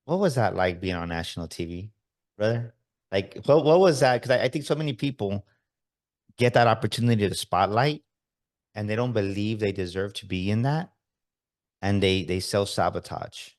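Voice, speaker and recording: A man hosting a podcast, telling stories in an animated way and often checking in with "right?". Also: fairly low pitch, moderate pace. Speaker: podcast host. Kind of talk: casual interview chat.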